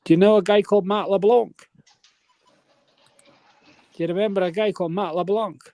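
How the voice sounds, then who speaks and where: A man's voice: high voice, fairly even intonation, moderate pace, warm tone, dry recording. A man telling a long rambling story on a live panel, checking in with his listeners. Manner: rambling, keeps checking in with "right?".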